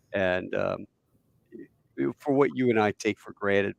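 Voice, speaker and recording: A man in his fifties hosting a podcast, chatting casually and telling stories with a relaxed, laughing manner. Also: lowish voice, moderate pace, gravelly, no room sound, studio quality. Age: 50s. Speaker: podcast host. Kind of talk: casual conversation.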